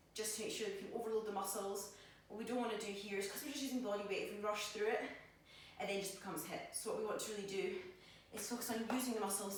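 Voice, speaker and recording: A woman personal trainer leads a gym workout, demonstrating moves while encouragingly counting reps aloud and cueing exercises, a little out of breath. Her voice is medium-pitched, picked up from far off in a very echoey gym with slight background noise.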